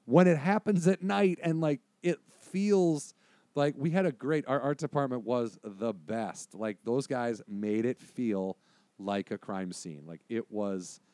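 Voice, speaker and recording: A man's voice: mid-range voice, measured pace, dry recording. A man telling a story in casual conversation, acting out the voices of the people in it. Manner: animated, acts out voices in his story.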